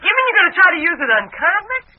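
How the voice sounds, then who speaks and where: A lively, fretful sweetheart. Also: female voice, very high-pitched, fast talker. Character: lively, worried young woman sweetheart. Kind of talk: 1940s radio drama. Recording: dull, hissy old radio broadcast.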